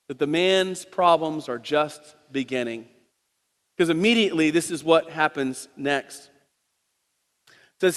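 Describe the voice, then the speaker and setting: Male pastor, sermon, storytelling, high voice, long church reverb. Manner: storytelling, animated, retells scripture in voices. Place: church sanctuary.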